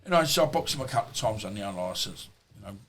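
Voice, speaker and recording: A middle-aged man, once a boxer and now a podcast guest, rattles off casual stories at a racing clip in a lowish voice with lively intonation. His tone is fairly bright, and there's a slight hiss or hum behind him. The tales ramble and wander, packed with anecdotes and asides.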